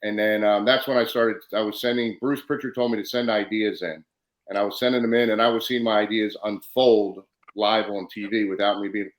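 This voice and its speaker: A man's voice: lowish voice, fairly even intonation, brisk, reverberant, poor audio. A man hosting a casual podcast interview, telling stories animatedly and acting out the exchanges he quotes. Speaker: podcast host, former wrestler.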